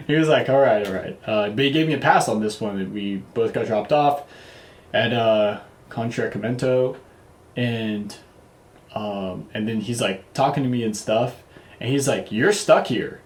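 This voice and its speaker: A man's voice: mid-range voice, unhurried. A man casually telling a travel story, loose and profane, with lots of fillers and restarts. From United States. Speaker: vlogger. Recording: roomy echo.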